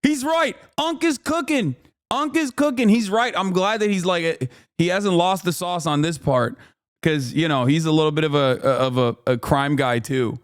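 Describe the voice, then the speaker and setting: Indignant high-voiced male streamer. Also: normal speed, smooth. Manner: animated and indignant, swears, laughs often. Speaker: streamer reacting to a clip. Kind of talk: casual live-stream commentary.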